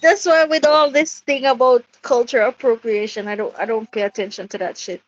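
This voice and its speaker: A woman's voice: on the high side, fairly even intonation, brisk, dull audio. A woman in a casual group chat, cutting in with blunt remarks.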